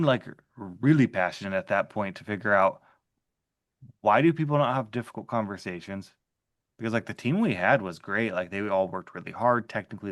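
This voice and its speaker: A man's voice: on the low side, a bit bright, dry recording, studio quality. A man in an interview telling a workplace story in a casual, conversational way, often saying "like" and restarting his sentences. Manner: conversational, filler-heavy with frequent "like". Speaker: interview guest, former HR manager.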